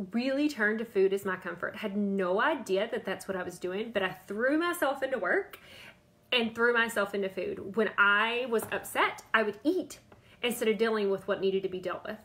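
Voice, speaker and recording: A woman's voice: mid-range voice, pushed and bright. A woman in her thirties or forties, talking on a live stream as a diet coach, chatty and repeating herself, calling out viewers by name. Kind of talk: Facebook Live talk.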